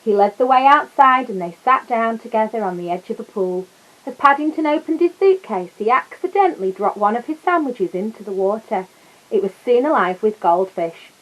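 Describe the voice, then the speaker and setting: Woman reading a kids picture book out loud, gentle, chats to the kids in between. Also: on the high side, expressive, normal speed, poor audio. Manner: gentle, adds asides to listeners. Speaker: storyteller.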